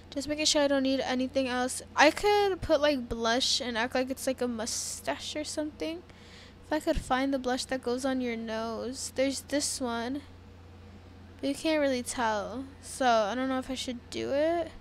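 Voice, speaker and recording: A young woman chatting excitedly to her viewers while playing a dress-up game, with faint background noise. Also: high voice. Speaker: gaming youtuber. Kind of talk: casual gameplay commentary.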